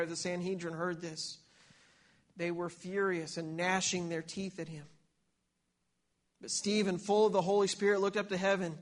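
Male pastor, sermon; high, flat-toned voice; reads Scripture, repeats words on restarts. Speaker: preacher.

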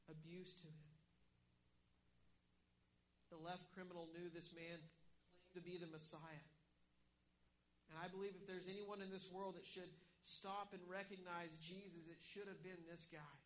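A man's voice: high voice, a bit bright, a little hiss or hum, low-quality recording. A man preaching an earnest, emphatic sermon as a pastor, often restarting words as he builds his points.

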